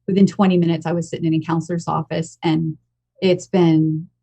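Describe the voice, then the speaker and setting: A woman's voice: deep voice, little pitch movement, brisk, warm tone, breathy edge. An American woman in her fifties, a podcast guest telling her own story in a frank, emotional and blunt way. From United States. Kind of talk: candid personal storytelling.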